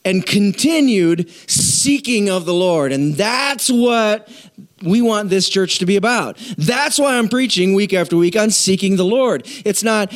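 Man, pastor, sermon, earnest, emphatic, conversational, high voice. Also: expressive, a little slow.

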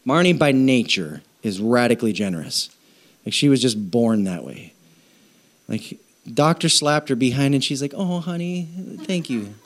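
A middle-aged man preaching a conversational sermon on generosity, with jokes and animated asides. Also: mid-range voice, moderate pace. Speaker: pastor.

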